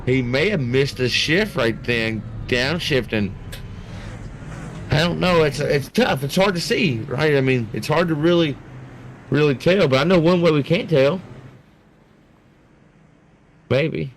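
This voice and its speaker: A man doing live play-by-play commentary for a sim racing league, rambling and excitable, talking to his producer on air. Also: a little high, unhurried, long pauses, a little hiss or hum.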